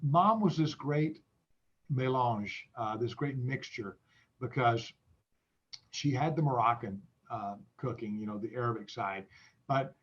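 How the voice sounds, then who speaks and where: A man who is a guest on a video call, chatting casually in a halting way with many restarts and fillers. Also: medium pitch, breathy edge, highs cut off.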